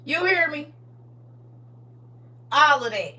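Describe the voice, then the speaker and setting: A woman of about forty telling stories from her past in a casual, animated way, full of slang and laughter. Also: high-pitched, slow, distant mic. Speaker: livestream co-host. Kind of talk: casual storytelling chat.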